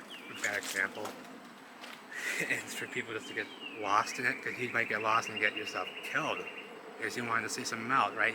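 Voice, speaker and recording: A man vlogging outdoors among rubble, rambling excitedly and talking straight to his viewers as he points things out. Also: lowish voice. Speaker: vlogger exploring ruins. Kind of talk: casual walk-and-talk commentary. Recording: loud outdoor traffic noise.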